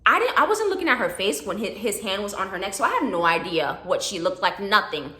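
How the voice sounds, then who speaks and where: Young woman, storytime vlogger, bright lively delivery, roomy echo; casual and expressive. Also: mid-range voice, a little fast. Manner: animated, chatty, laughs often, acts out quotes. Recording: echoey room.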